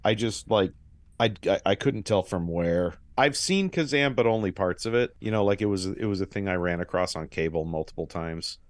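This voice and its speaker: A man's voice: deep voice, normal speed, no echo. A man co-hosting a podcast, talking through a film in a thoughtful, hedging, casual way. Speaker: podcast co-host. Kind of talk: casual movie discussion.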